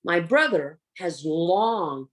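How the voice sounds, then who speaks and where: A woman presenting a humor workshop, telling personal stories with animated acting-out of scenes. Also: lowish voice, slow. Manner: animated storyteller who acts out scenes.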